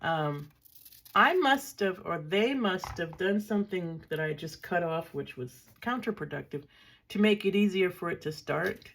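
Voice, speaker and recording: Gravelly older woman chatting over crafts. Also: lowish voice, expressive, a little slow, a bit bright. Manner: chatty, thinking aloud, dry self-mocking. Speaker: craft vlogger. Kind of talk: casual crafting show-and-tell.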